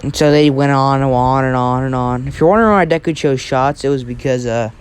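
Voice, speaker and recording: A man's voice: mid-range voice, fairly quick, clean tone. A man casually telling an improvised story, rambling with many fillers and restarts.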